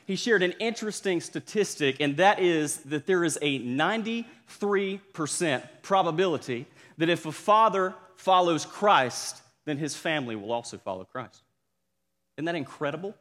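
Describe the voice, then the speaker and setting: A young student pastor from South Georgia, USA, preaches an upbeat sermon in a Southern accent, calling out to the congregation. His voice sits on the high side with a fairly bright tone, and the church sanctuary adds a long reverb.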